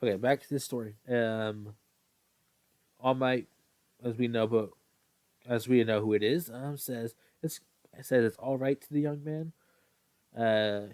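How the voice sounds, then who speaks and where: A man's voice: mid-range voice, steady tone, a little slow, long pauses, darkish tone, no echo. A man casually reading a fan story aloud, often stumbling, correcting himself and apologizing. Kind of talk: casual read-aloud with asides.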